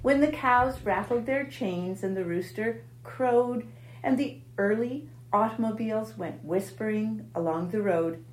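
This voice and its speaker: A woman narrating a children's storybook aloud in a measured, expressive way. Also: medium pitch. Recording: echoey room.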